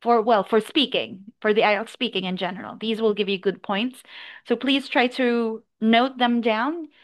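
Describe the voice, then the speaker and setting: Woman, IELTS speaking tutor, slightly higher voice, patient explanations. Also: fairly even intonation. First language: English. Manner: encouraging, explains slowly with examples. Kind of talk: online speaking lesson feedback.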